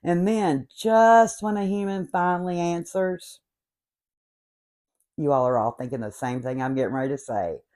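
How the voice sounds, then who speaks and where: A woman in her late fifties with a noticeable regional accent hosts a comedic rant, telling stories in a sarcastic, exasperated way. Her voice is lowish and dark-toned, at a moderate pace.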